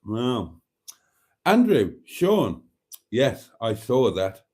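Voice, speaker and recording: A British man chats casually on his livestream, reading viewers' comments aloud and answering them with dry jokes and chuckles. His voice is mellow and relaxed, sitting at an ordinary middle pitch for a man. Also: very slow. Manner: reads viewer comments aloud and banters back; chuckling, joking, often clears his throat. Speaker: livestream host.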